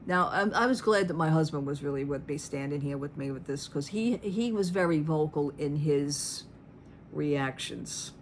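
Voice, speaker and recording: A middle-aged woman with a fairly low voice tells a shopping story in a chatty, animated way. Her asides are dry and sarcastic, and faint room noise sits under her voice. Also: moderate pace. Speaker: vlogger. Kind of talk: casual storytime vlog.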